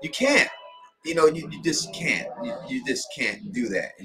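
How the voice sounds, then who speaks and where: A man's voice: medium pitch, moderate pace, music in the background, low-quality recording. A man chatting as a guest on a livestream, telling stories with animation and acting out quotes. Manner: animated storyteller, acts out quotes. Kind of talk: casual livestream chat.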